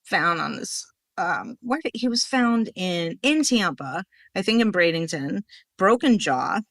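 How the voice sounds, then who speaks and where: A woman telling a rambling story in a casual podcast conversation, acting out what people said with lively swings in her voice. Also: on the low side, measured pace, dry recording. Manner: animated, rambling, acts out quoted dialogue.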